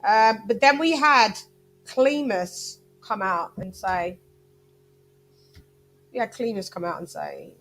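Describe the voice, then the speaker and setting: A woman's voice: mid-range voice, takes it slowly, long pauses, fairly bright tone, faint music behind. Chatty woman boxing vlogger. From Britain. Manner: chatty, wandering, talks to viewers. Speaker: boxing channel host. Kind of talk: casual livestream commentary.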